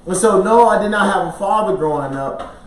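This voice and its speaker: This podcast co-host's voice is high, expressive, and a little fast. He's sharing a personal story in relaxed conversation, performing the quoted lines and breaking into frequent laughter, captured in a roomy space by a distant microphone.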